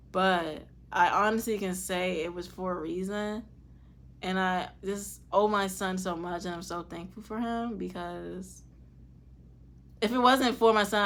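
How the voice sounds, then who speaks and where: Fielding questions from her viewers, a young woman vlogger talks in a casual, candid way with plenty of profanity. Her mid-range voice turns soft and quiet whenever the conversation gets tender.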